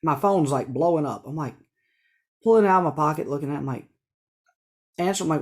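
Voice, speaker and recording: A man, a guest telling an animated hunting story and acting out the dialogue. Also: mid-range voice, fast talker. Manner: animated, laughing storyteller who acts out dialogue. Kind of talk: casual storytelling chat.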